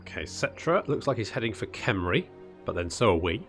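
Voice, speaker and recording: A man's voice: on the low side, big pitch swings, fairly quick, a bit bright, faint music behind. A man hosting a casual strategy game let's-play, chatting and muttering to himself as he plays and calling his units "buddy". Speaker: gaming channel host.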